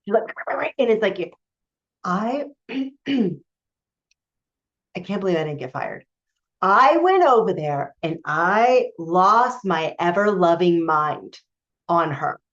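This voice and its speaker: A woman's voice: lowish voice, very animated, takes it slowly, long pauses, a bit bright. A woman coaching spiritually, telling a personal story to camera in a candid, emphatic way with many fillers and restarts. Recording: dull lo-fi recording.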